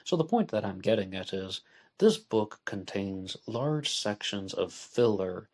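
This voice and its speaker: Low-voiced man hosting a podcast. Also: big pitch swings, a little mellow. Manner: measured, deliberate, spells out letters. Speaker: podcast host. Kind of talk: solo podcast book discussion.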